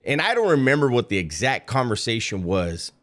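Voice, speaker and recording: A man's voice: medium pitch, sing-song, brisk. A man giving reaction commentary on a played clip, sarcastic and mocking, with a casual storytelling manner.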